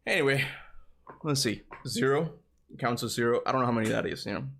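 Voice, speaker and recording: A man in his thirties chatting casually with viewers during a game livestream, excitable and talking straight to his chat. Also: mid-range voice, fast talker, vocal fry. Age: 30s. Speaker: streamer.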